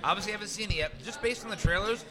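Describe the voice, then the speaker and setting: Male podcast co-host, higher pitch, blunt profane ranter, music bed. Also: rapid-fire. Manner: ranting, profane, repeats himself. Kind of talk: casual podcast chat.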